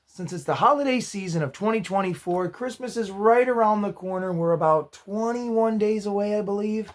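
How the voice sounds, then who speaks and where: A man hosting his own movie review channel, chatty and upbeat with self-deprecating asides, his voice going hoarse. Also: high voice, animated, a little fast, hardly any pauses. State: losing his voice. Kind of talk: casual spoken movie review.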